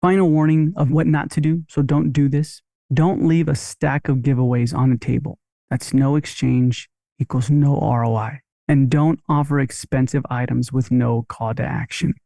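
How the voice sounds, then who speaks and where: A man's voice: mid-range voice, fairly even intonation, moderate pace, creaky, hardly any pauses, warm tone, dry recording, clean studio sound. A man teaching dental marketing on a podcast, in a punchy, upbeat coaching manner.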